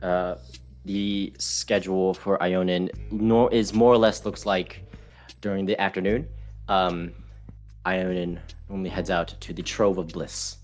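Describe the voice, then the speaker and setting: A young man narrating as game master of a tabletop game, relaxed and halting with many fillers. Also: deep voice, faint music behind.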